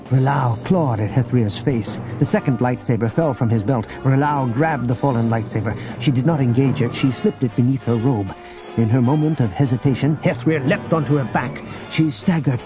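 A man reads an audiobook in a steady, expressive storytelling voice. The audio is dull and lo-fi. Music plays underneath the narration. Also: mid-range voice. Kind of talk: scripted narration.

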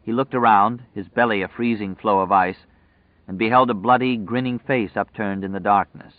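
Male audiobook narrator, measured and dramatic, low voice, tinny phone-like sound. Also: steady tone, dry recording.

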